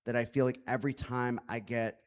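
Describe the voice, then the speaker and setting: A man's voice: medium pitch, fairly even intonation, fairly quick. A man speaking as an author at a public book talk, earnest and reflective, with many "like" fillers.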